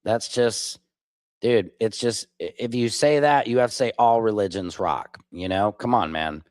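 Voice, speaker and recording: A man's voice: lowish voice, a little slow, no echo. A man from Minneapolis hosting a livestream, reacting to clips and answering chat comments in an informal, argumentative way. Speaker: livestream host.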